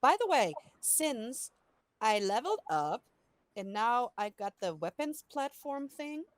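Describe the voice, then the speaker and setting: A woman's voice: fairly high pitch, big pitch swings, a little slow, no echo. A woman playing a tabletop game over a video call, chatty and explaining her moves. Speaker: player.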